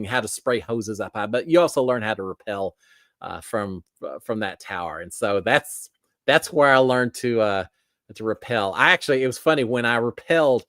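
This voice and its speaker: A middle-aged man rambles through a casual livestream chat, stopping and restarting his sentences and poking fun at himself. His voice sits at an ordinary pitch. The sound is close and dry. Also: a bit bright, no echo. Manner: rambling, self-deprecating, many restarts. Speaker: livestream host. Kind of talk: casual chat reading viewer comments.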